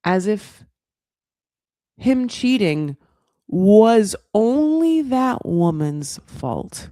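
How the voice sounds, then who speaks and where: A woman hosting a comedic reality TV recap, sarcastic and animated, swearing freely. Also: medium pitch, very slow, dry recording, clean studio sound. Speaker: host.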